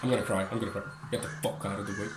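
A man giving excitable, swearing commentary over a horror game. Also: on the low side, rapid-fire, roomy sound, over loud music. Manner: excitable, swearing, yelps and laughs. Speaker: gaming streamer. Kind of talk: casual gameplay commentary.

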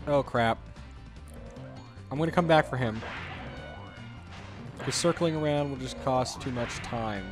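A man's voice: medium pitch, unhurried, long pauses, over music. A man giving casual, jokey commentary while playing a video game, grumbling at the levels. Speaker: let's play host.

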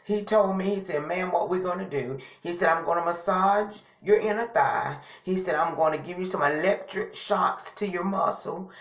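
Woman vlogger, low-pitched, recorded in a roomy echoey space at home, talks in a lively testifying way. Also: normal speed, few pauses. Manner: chatty, testifying, often says "y'all". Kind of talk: casual storytelling to camera.

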